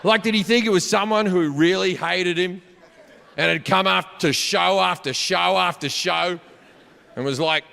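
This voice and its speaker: A man with an Australian accent doing stand-up, telling a crude story and jumping into shouted punchlines. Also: high-pitched, measured pace, creaky. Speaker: stand-up comedian. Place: large concert venue on stage. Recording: live hall reverb with faint crowd ambience.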